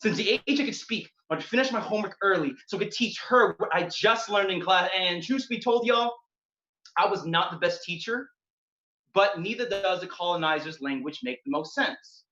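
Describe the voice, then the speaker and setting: A man's voice: sits high, normal speed, pushed and bright. A man performing a spoken word poem at a poetry slam, with a rhythmic, emphatic delivery. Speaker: slam poet. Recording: dull, echoey venue recording.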